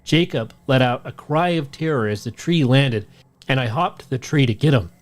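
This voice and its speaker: A man co-hosting a podcast, reading a listener's spooky story aloud in a steady storytelling voice. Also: mid-range voice, moderate pace. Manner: steady storytelling read, shouts out the quoted lines. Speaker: podcast co-host.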